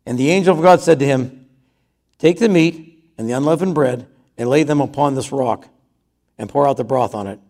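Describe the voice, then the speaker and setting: A man's voice: medium pitch, moderate pace, pauses often, a little mellow. A man preaching a conversational sermon, reading scripture aloud and then retelling it in his own words.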